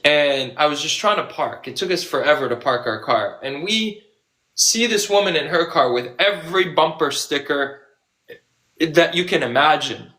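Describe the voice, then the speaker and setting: A man's voice: on the high side, animated, moderate pace, bright, forceful tone. A man speaking as an activist, telling stories with sarcasm and acting out the voices of people he quotes. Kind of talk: impassioned conversational storytelling.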